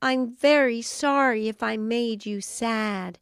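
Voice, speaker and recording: A woman's voice: a little high, slow, clear, resonant tone, no echo, studio quality. A woman voicing a sheepish, apologetic little girl in a children's storybook. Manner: sheepish, pleading.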